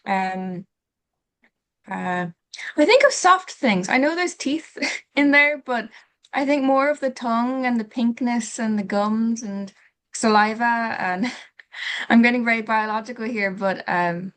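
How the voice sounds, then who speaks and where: A woman joins a group discussion over a video call, chatting casually and giggling as she rambles through her thoughts. Her voice is a little higher than most women's. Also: unhurried, fairly bright tone. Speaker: workshop participant.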